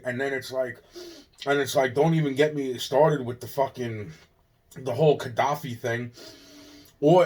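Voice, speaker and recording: A man venting in a rambling monologue, stacking profanity and repeating the same openings over and over. He is agitated, and his voice jumps into sudden loud bursts before dropping back into muttering. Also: on the high side. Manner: rambling, repetitive and profane, circling back on restarts.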